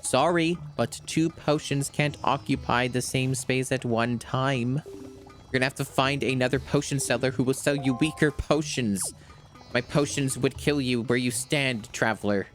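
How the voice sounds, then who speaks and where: A man voicing a haughty male potion seller who talks down to a traveler in a pompous, slow, emphatic way. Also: mid-range voice, steady tone, faint music behind, pitched above the performer's own voice, close to an everyday voice.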